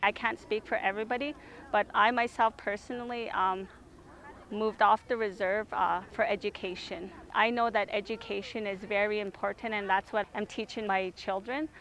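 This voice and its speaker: Woman, forties, from Siksika Nation, mid pitch, explanatory, faint background noise. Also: fairly even intonation, normal speed, a bit bright. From Siksika Nation, Alberta. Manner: plain, explanatory, with fillers. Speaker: interpretive program supervisor. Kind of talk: explaining to an interviewer.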